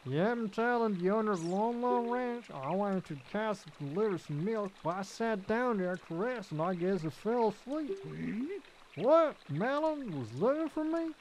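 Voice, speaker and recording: A man doing a high, drowsy bumbling ranch owner. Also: lively intonation, normal speed, a little mellow, a little hiss or hum. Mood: panicked. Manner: exaggerated put-on rustic accent. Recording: game music playing behind.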